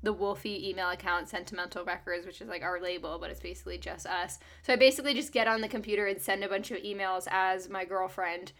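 A woman's voice: medium pitch, fairly even intonation, fast, few pauses, a bit bright. A young woman musician co-hosting a podcast in casual chat, talking with many fillers and restarts and laughing often.

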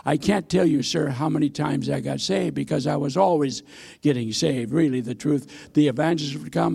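A man's voice: a little high, a little fast, vocal fry, dark tone, breathy edge. A man in his eighties, a missionary preacher, giving a sermon in a church with folksy, self-deprecating stories and frequent hesitations. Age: 80s. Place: church sanctuary.

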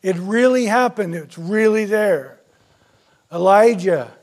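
A male pastor preaching a sermon, retelling scripture stories with big swings from loud to soft. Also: high voice, takes it slowly. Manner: storytelling, dramatic swings in loudness.

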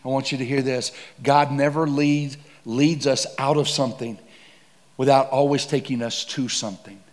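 A man preaching a casual, slangy sermon that builds to shouts. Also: medium pitch, fairly even intonation, normal speed. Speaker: pastor.

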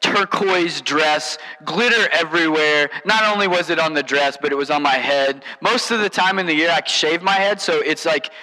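A man's voice: a little high, moderate pace, hardly any pauses, bright, forceful tone, big-room sound, poor audio. A man, a pastor, telling a story in a sermon in a conversational way, with many fillers and restarts.

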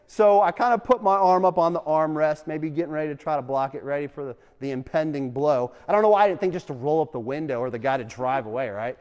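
A young adult man teaching a class, an animated storyteller who keeps asking the room questions. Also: on the high side, quick pace, hardly any pauses, clear, resonant tone. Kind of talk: lively classroom talk with questions to students. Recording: long reverb in a hall.

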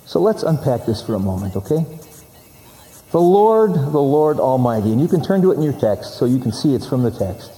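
A man's voice: mid-range voice, very animated, fairly quick, dark tone. Emphatic preacher man in a reverberant hall. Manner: emphatic, repeats key words for stress. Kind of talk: sermon.

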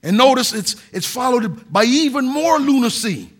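A pastor delivers a sermon in a notably high voice for a man. He preaches earnestly, pressing hard on key words and now and then restarting a phrase. He sounds middle-aged. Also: expressive, normal speed, few pauses, fairly bright tone. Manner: earnest preaching with emphatic stresses and some restarts.

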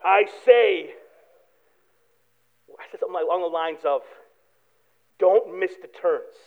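A man preaching a sermon, telling a personal story with animated swings from hushed prayer to loud excitement. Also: high voice. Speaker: pastor. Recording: tinny phone-like sound.

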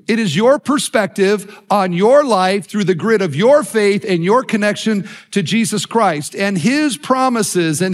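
A pastor delivers a sermon in a high, bright-edged voice, moving through a story with animation. He presses his listeners directly and warmly builds toward his point.

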